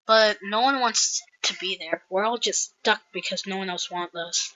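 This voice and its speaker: A woman voicing a weary male community organizer who talks haltingly and trails off, on a dull, dry recording. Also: mid-range voice, pushed and bright, natural voice. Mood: sad.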